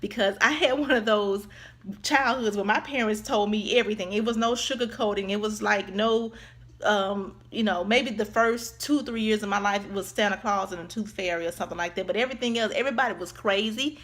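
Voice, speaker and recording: A woman tells a casual storytime vlog in an animated way, acting out other people's voices and calling her viewers y'all. Her voice is medium-pitched and a little fast.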